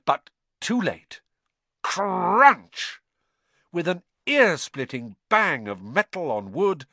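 A man narrating a story aloud, expressive and acting out the dialogue. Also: mid-range voice, no room sound. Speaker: audiobook narrator. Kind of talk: scripted narration.

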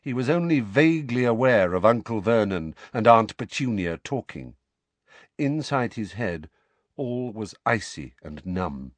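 Lively male audiobook narrator. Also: on the low side, unhurried, no room sound. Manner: expressive, lively. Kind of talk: scripted narration.

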